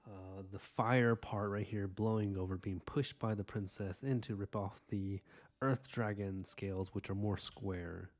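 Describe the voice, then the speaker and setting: A man hosting an art live stream, chatting casually and earnestly with viewers while he inks, full of fillers and soft asides. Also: lowish voice, fairly even intonation, a little slow. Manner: earnest, rambling, warm-hearted thanks to viewers. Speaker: live-stream artist host.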